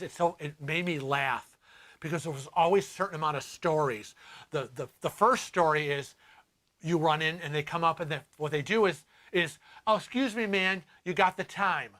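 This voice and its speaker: An older man hosting a casual livestream chat, lively, laughing often and acting out the voices of people he quotes. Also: on the high side. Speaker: host.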